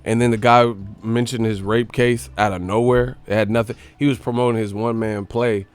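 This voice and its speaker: A man's voice: medium pitch, a little fast, smooth, soft background music. Profane young man riffing on boxing. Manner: profane, animated, slips into impressions. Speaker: boxing live stream host. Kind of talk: casual live-stream commentary.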